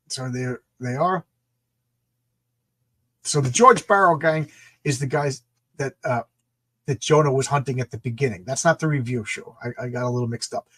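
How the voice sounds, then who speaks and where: A man's voice: medium pitch, moderate pace, pauses often, a bit bright. A man hosting a casual comic book show, enthusiastically reading and rambling over old panels. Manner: enthusiastic, rambling, laughs and restarts often.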